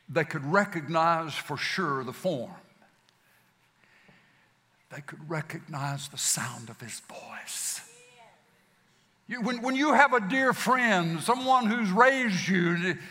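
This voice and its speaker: A man preaching a sermon, swinging between loud declarations and hushed passages, in a folksy manner. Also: high-pitched. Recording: long hall reverb.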